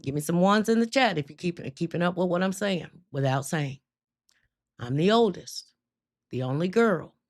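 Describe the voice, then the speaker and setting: Woman host talking to her live chat, lowish voice, emphatic, laughs a lot. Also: lively intonation. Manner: emphatic, drawn-out storytelling, laughs often. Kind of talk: spoken testimony to a live chat.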